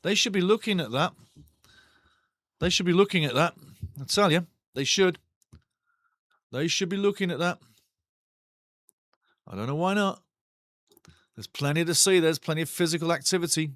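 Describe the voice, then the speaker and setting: A man hosting a live football watchalong, calling the match excitedly and reading chat messages aloud. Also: a little high, moderate pace, long pauses, dry recording, studio quality. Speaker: watchalong host. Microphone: studio mic.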